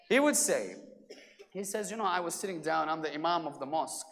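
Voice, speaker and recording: A man delivering an animated religious lecture, acting out each character's lines as he tells the story. His voice rises and drops sharply in volume. The sound carries a long reverb from a large hall. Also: high-pitched, fast. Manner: animated storyteller, acts out dialogue with shifting volume.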